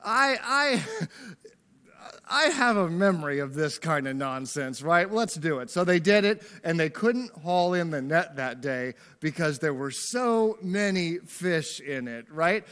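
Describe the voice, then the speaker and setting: A fairly high-voiced man preaching to a church congregation. He keeps the sermon loose and conversational, slipping in jokes. He often tags his points with a quick "right?". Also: expressive, fairly bright tone, clean tone. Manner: casual, joking, tags lines with "right?". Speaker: pastor. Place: church service before a congregation.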